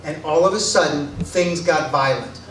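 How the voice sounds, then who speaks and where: A man telling a true comic story on stage, self-deprecating and excitable. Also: fairly high pitch, normal speed, slight background noise. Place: stage before a laughing audience. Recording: echoey live room from a distance.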